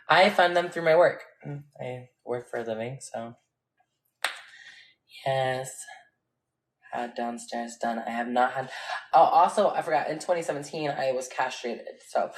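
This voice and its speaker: A woman chatting casually on a livestream, answering viewer comments in a candid, rambling way and laughing often, on a phone mic. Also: very deep voice. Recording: echoey room.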